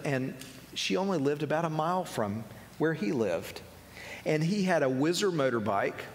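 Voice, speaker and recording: A male preacher tells a story to a congregation at a mid pitch. He speaks gently and voices each person in the tale. His voice rings with the long reverb of a big meeting hall. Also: a little hiss or hum. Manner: gentle storyteller, voices the people in his tale, drops soft and low for tender moments. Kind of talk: sermon storytelling.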